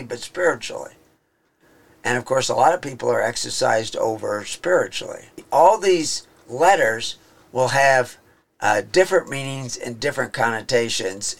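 A man giving an informal Bible teaching, rambling and halting, with many fillers and restarts. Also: mid-range voice, a bit bright.

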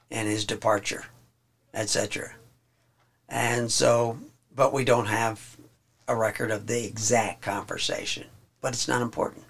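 A man teaching a Bible study, reading verses aloud slowly and then explaining them in plain, halting talk. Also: medium pitch, vocal fry, a bit bright.

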